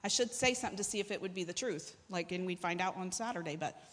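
A woman's voice: on the low side, fast, fairly bright tone, in a large hall. A woman pastor giving church announcements, often affirming with "amen.". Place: church sanctuary.

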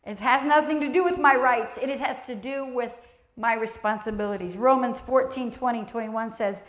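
A woman's voice: on the high side, moderate pace. Emphatic woman preaching in an echoey church. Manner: emphatic, acts out quoted voices. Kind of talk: sermon.

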